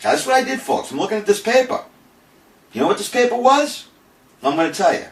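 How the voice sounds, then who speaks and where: A high, sing-song, fairly quick voice belongs to an older cannabis activist making a farewell video. After his farewell message he tells an audience a story in a theatrical, boastful and profane manner. The room sounds roomy, the mic distant, with faint noise behind him.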